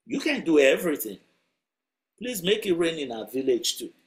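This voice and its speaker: A man's voice: a little high, big pitch swings, normal speed, voice pushed up. A man doing an eager little girl. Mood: pleading. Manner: pleading, simple and direct. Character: little six-year-old girl, earnest and eager.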